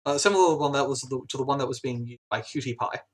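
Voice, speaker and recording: A man narrating a tabletop game as its game master, his pitch sitting in the middle range. He pauses often with "uh" and restarts his sentences as he describes the scenes. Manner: hesitant, many "uh" fillers.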